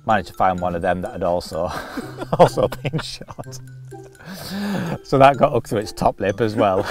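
Faint music plays behind this man as he recounts a lengthy, comic fishing tale in a low-ish voice, unhurried and pausing often. A carp fishing show regular, he laughs a lot and performs the other characters' voices.

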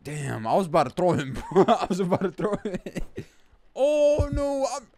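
A young man casually commenting while he plays a game, slangy and animated, breaking into loud excited outbursts. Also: high-pitched, moderate pace. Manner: slangy, says bro and man. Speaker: gaming YouTuber. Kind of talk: casual let's-play commentary.

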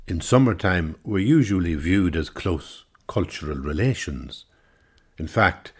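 Irish man, author reading his memoir, low voice, lively and wry. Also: husky. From Ireland. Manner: wry, dry storytelling.

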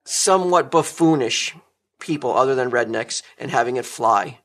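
A middle-aged man co-hosting a podcast, telling stories in a lively casual chat with frequent laughs. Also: medium pitch, moderate pace. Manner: animated, laughing storyteller. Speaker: podcast co-host.

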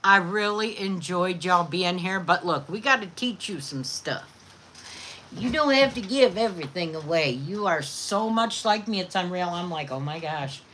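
A woman's voice: lowish voice, lively intonation, moderate pace, a bit bright, a little hiss or hum. A woman chatting casually to viewers and doting on her dogs in baby talk. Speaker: vlogger. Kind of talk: casual chat to viewers and pets.

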